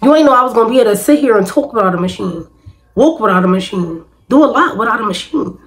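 A woman's voice: a little high, lively intonation, quick pace, rough recording. A woman vlogger, venting emphatically and repetitively in casual talk to camera.

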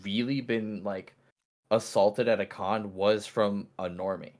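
A man's voice: fairly low pitch, steady tone, unhurried, darkish tone. A man co-hosting a casual podcast, rambling through a story with lots of fillers and restarts. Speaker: podcast co-host.

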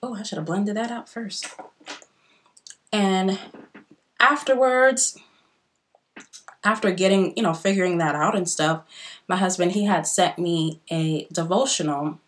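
A young woman in casual get-ready-with-me vlog chat, chatty and expressive, often talking straight to her viewers. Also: mid-range voice, unhurried, pauses often. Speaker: beauty vlogger.

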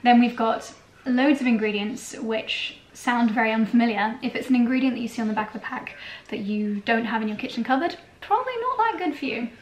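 A young British woman with a slightly high voice chats in a bubbly, giggly way while she makes a drink in her kitchen. She talks to her viewers casually and throws in playful made-up words. The kitchen gives her voice a roomy echo, with a faint hum in the background. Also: steady tone, brisk. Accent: British English. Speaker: lifestyle vlogger. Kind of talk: casual kitchen vlog chat. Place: home kitchen.

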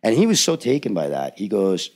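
A man's voice: on the low side, fairly quick. A man, a film industry veteran, telling a long anecdote on a podcast, acting out what people said with lots of fillers. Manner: animated storyteller, acts out quotes; frequent filler words and restarts.

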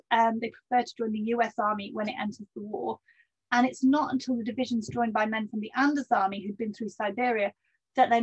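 A woman delivers a history lecture in a higher-pitched, slightly husky voice, steady and measured, with many ums and the odd dry aside. The sound is dull and lo-fi. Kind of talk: public history talk.

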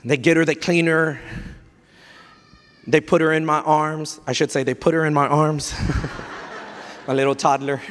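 Male pastor, emotional storytelling sermon, slightly high voice, frequent restarts, live church reverb. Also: little pitch movement, measured pace, long pauses, fairly bright tone. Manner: mixes in Spanish phrases. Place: church hall.

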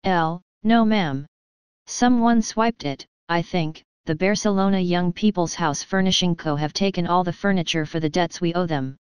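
A woman reading the lines of a fretful, flustered male royal treasurer in her own low, very smooth voice. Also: moderate pace, no room sound, lightly acted. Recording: dry, slightly dull lo-fi.

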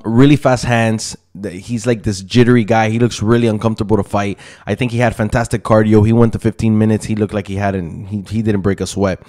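A man's voice: lowish voice, darkish tone. A man giving a casual, opinionated breakdown of fight results, chatty with frequent ums and asides. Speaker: MMA YouTuber.

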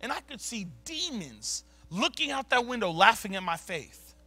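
Preacher dude, energetic, lots of "man" and "dude", high tense voice. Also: moderate pace. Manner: energetic, swings from low mutters to loud bursts; casual slang, frequent "man" and "dude". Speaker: pastor. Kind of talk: sermon storytelling. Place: church sanctuary.

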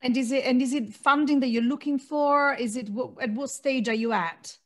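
A woman's voice: high-pitched, normal speed. A woman hosting an online storytelling event, effusive and openly emotional as she praises and introduces the speakers over a video call. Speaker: event host, co-founder.

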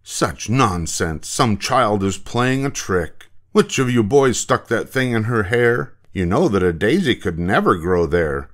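A man's voice: lowish voice, big pitch swings, unhurried, hardly any pauses. An older man voicing a flustered, strict woman schoolteacher in a storybook reading, scolding and fussy.

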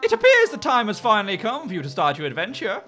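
A man voicing a solemn wise guide in a grave, measured, soft manner. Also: sits high, huge pitch swings, soft background music, heavily acted.

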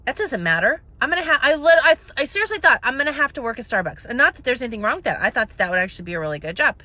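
A woman in her thirties telling her story to camera in a chatty, self-mocking way, swinging between hushed asides and loud outbursts. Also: high voice, big pitch swings, racing, no echo. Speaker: vlogger, makeup seller.

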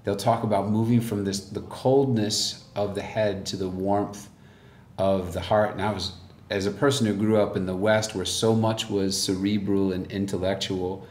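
A man's voice: fairly low pitch, steady tone, normal speed, darkish tone, reverberant. A man hosting a casual faith discussion, speaking in a reflective, encouraging way. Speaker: host.

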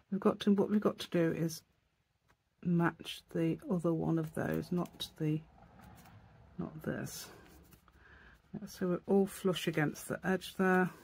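Husky woman rambling through a craft tutorial. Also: on the low side. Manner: rambling, thinks aloud and corrects herself. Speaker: craft channel host.

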